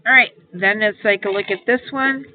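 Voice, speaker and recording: Speaking at a moderate pace in a mid-range voice, a female math teacher leads a homework walkthrough lesson. Each step gets a patient explanation, and she repeats the important points. Audio is thin and phone-like, with light hiss underneath.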